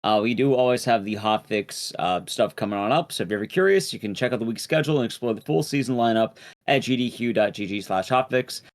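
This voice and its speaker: Relaxed male stream host. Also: mid-range voice, fast, hardly any pauses. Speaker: show host. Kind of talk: live stream announcements.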